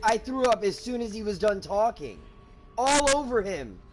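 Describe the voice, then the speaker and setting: A man with a fairly high voice tells stories in loose gaming-stream chat, sprinkling in swears. A faint hiss runs under the recording. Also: sing-song, moderate pace. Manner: casual, profane storytelling. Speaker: co-host of a gaming channel. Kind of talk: casual chat while gaming.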